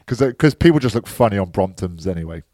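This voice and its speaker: A man banters on a podcast, teasing his co-host and laughing easily. His voice is slightly low. The recording is dry and close. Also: expressive, quick pace, mellow, no room sound. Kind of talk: casual chat.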